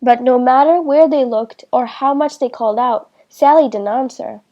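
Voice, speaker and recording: A woman reading a children's storybook aloud in a slow, clear way for beginners. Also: high voice, lo-fi sound. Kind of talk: children's book read-aloud.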